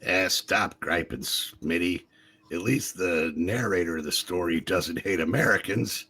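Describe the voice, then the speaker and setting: A man's voice: deep voice, a little slow, pushed and bright, husky. A man co-hosting a playful group comic reading with wry, joking asides.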